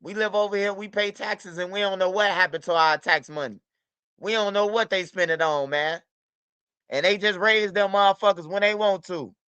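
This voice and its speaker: A high-pitched man from the United States runs a livestream, his speech fairly even in intonation, pushed and bright, at normal speed. He talks casually and profanely in repetitive street slang, addressing chat by name, on a clean, echo-free but muffled recording.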